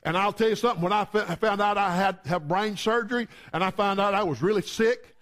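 A man's voice: high-pitched, fast, fairly bright tone. A man preaching a sermon in a conversational way, telling humorous stories.

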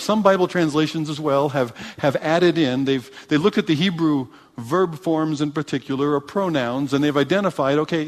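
A pastor delivers a sermon in a voice pitched a little high for a man. He preaches with animated emphasis and often restarts his phrases. His voice rings with the long reverb of a large hall.

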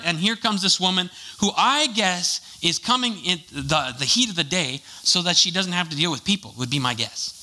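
A man's voice: a little high, bright, forceful tone, poor audio. A man preaching a casual, conversational sermon, full of jokey asides and fillers.

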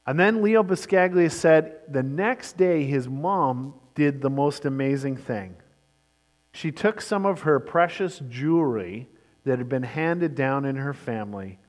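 A man giving a sermon as pastor, telling a story and shifting between brisk and slow, emphatic delivery. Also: medium pitch, lively intonation, big-room sound.

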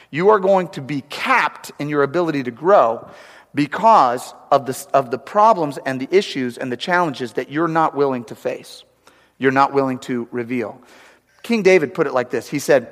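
Chatty pastor in an echoey church. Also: male voice, a little high, animated, normal speed, a bit bright. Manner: conversational, asks for agreement. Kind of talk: sermon.

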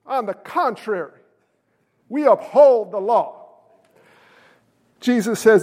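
A pastor preaching a sermon, animated and jokey, bursting into shouted emphasis. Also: male voice, sits high, measured pace, pauses often, big-room sound.

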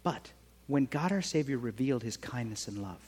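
A man preaching a sermon in a conversational way, often checking in with his listeners with a quick "right?". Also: medium pitch, lively intonation, a little mellow, breathy edge, long reverb tail. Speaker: pastor.

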